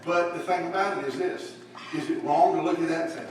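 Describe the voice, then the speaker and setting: Folksy guy teaching bible class, kinda high voice, sounds far from the mic w/ faint hiss. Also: fairly quick, very echoey. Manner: folksy, asks the class questions. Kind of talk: church Bible lesson. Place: church room.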